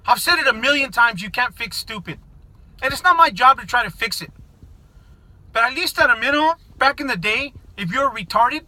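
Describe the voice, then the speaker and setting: Middle-aged guy ranting at the camera, really high and bright voice, lots of swearing and yelling, dry sound. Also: dry recording, poor audio. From United States. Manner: profane, shouting, confrontational. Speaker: vlogger. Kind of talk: angry political rant to camera.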